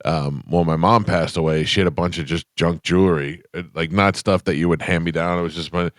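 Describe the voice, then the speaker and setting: Deep voiced guy on morning radio, joking around, dry studio mic. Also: brisk, no room sound. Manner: relaxed, joking banter. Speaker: radio show host. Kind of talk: casual morning radio chat.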